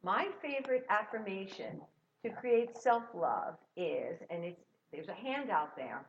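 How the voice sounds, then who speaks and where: A woman's voice: mid-range voice, expressive, measured pace, a little hiss or hum. Encouraging woman minister, lo-fi church recording. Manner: warm, encouraging, leads the congregation in call-and-response. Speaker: guest minister. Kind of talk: sermon with sung jingles. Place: church sanctuary.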